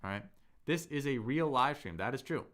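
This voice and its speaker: Male language tutor live-streaming, friendly and conversational, answers chat and models pronunciation slowly. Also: medium pitch, animated, a bit bright. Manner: upbeat, chatty, slows down to model tones; reads viewer comments aloud and answers them. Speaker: Chinese teacher and livestream host.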